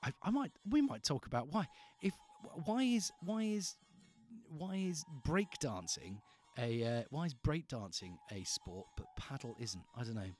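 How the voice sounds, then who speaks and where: A man's voice: mid-range voice, very animated, a little slow, soft background music. A male radio host in casual chat, rambling and playful, often restarting his sentences in a studio.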